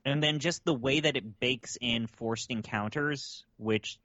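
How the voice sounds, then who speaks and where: A man's voice: medium pitch, measured pace, bright, forceful tone, dry recording, muffled recording. A man co-hosting a casual podcast chat, blunt and exasperated, swearing freely. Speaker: podcast co-host.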